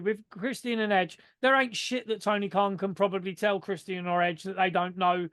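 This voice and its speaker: A man talking in a casual podcast chat. He speaks in an animated way, swears freely, and uses a lot of fillers. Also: high voice, normal speed, smooth, no room sound, studio quality. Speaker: podcast co-host.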